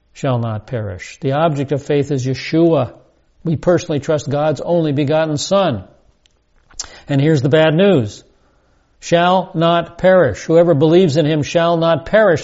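Man preaching a bible lesson, kinda high gravelly voice, dull muffled sound. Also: warm tone. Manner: deliberate, emphatic verse-by-verse explaining. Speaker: Bible teacher. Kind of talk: video sermon teaching.

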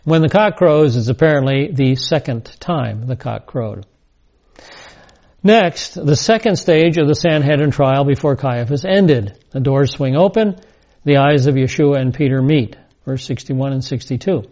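A man's voice: medium pitch, unhurried, a little mellow. A man teaching a scripture lesson, reading verses and adding casual asides. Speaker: Bible teacher. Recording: dull lo-fi recording.

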